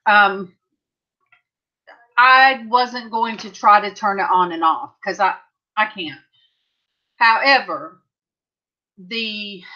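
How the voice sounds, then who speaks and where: Middle-aged woman host, unhurried rambling chat with viewers, high bright voice, lo-fi home stream. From California. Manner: rambling, chatty, answers viewer comments. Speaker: livestream host. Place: home craft room. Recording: slightly dull lo-fi sound.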